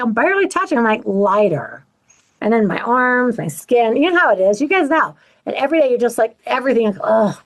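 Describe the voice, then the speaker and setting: A middle-aged woman hosting her own channel, talking candidly to viewers and acting out other people's lines in an animated way. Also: a little high, rough recording. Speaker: channel host. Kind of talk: personal talk to camera.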